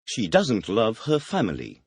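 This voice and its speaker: A man reading the teacher's questions in a scripted audio language lesson, announcing words and asking quick questions. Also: on the low side, huge pitch swings, vocal fry, breathy edge, no room sound, studio quality. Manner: announces words, then fires quick questions with a clipped "please".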